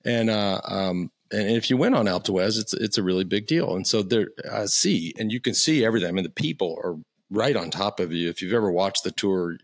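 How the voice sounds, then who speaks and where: A man in his fifties, a podcast guest, tells stories casually and profanely, stammering and restarting often. His voice is fairly low-pitched and brisk.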